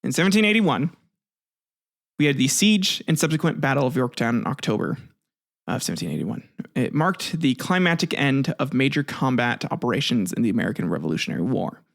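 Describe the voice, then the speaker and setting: A man's voice: mid-range voice, big pitch swings, a little fast, gravelly. A man narrating history in a casual, offhand way, with jokes, asides and some swearing. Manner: offhand, joking, swears, restarts words. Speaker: history video host.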